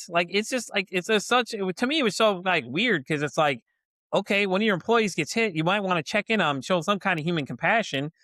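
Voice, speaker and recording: A man's voice: sits high, lively intonation, fast talker, bright, forceful tone, no room sound. A middle-aged man hosting a podcast, telling a story in a rambling, casual way, full of "you know" and "like", acting out what people said. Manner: rambling, lots of "you know" and "like", acts out quotes. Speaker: podcast host.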